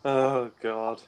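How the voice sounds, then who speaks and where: A man's voice: mid-range voice, slight background noise. A man giving casual fan commentary on a film, laughing often and chatting in an amused way. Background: film soundtrack music playing.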